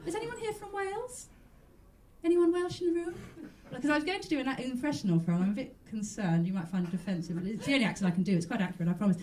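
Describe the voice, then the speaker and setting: A woman's voice: high voice, rapid-fire, a little mellow, recorded from a distance. A woman hosting a mock chat show in a stand-up character act, talking in a prim, genteel, rambling way.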